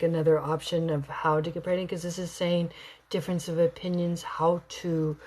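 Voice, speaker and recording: A woman doing a live tarot card reading for someone, expressive and swinging between excited bursts and hushed whispers. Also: lowish voice. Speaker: tarot reader.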